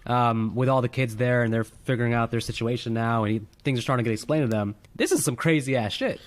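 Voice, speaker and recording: A man co-hosting a film review, talking at a quick clip with lots of exclamations and casual cursing. He sounds animated and loose in conversation, at a middle pitch. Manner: animated, exclaiming, swears freely. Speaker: film review podcast co-host. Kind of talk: casual movie discussion.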